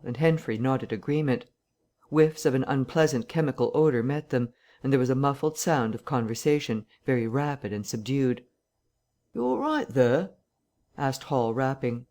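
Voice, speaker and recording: An audiobook narrator reading a classic novel in a steady, even storytelling manner. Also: medium pitch, moderate pace.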